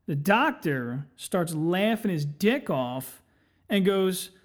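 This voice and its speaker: Man, high-pitched voice, swears a lot, rambling casual podcast storytelling. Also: animated, a little slow. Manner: profane, rambling, self-mocking. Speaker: podcast host.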